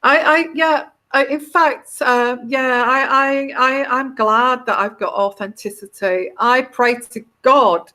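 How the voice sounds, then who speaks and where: Slow, bright-voiced woman chatting. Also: high voice. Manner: rambling, heartfelt, with frequent restarts and put-on quoted voices. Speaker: tarot reader hosting a live stream. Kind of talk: live-stream chat to viewers.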